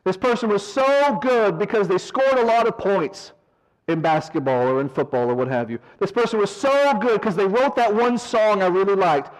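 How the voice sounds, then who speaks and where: A man's voice: high-pitched, animated, moderate pace, poor audio. A man putting on a self-pitying worldly mourner who wails melodramatically over lost riches. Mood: lamenting. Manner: whiny, melodramatic.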